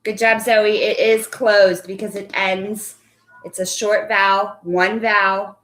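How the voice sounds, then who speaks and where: Woman teacher, young adult, unhurried, encouraging, spells words letter by letter, online phonics class. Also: medium pitch, level tone, a bit bright. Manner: patient, encouraging, praises children by name; slow and deliberate when spelling out words. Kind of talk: live online phonics lesson.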